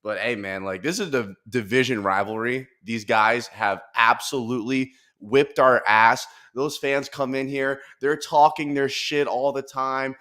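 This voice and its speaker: Bright-voiced animated man ranting. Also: medium pitch, a little slow, few pauses. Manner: animated, profane, laughing rants. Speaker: podcast host. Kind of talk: casual podcast chat.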